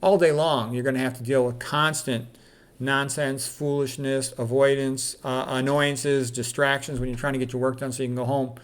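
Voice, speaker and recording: A man's voice: medium pitch, level tone, normal speed. A middle-aged man, a doctor, reading quotes aloud and commenting on them in a candid, casual way with plenty of fillers.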